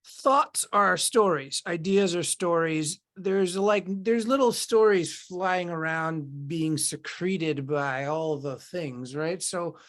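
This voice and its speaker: A woman's voice: on the low side, slow pace, few pauses. A woman in casual podcast conversation, talking in a meandering, reflective way and acting out inner voices.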